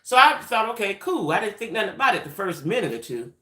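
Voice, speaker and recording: An adult woman hosting a livestream, telling a story in a chatty, animated way and talking straight to her viewers. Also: mid-range voice, fast talker. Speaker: livestream host. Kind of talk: casual storytelling chat. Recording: roomy echoey room.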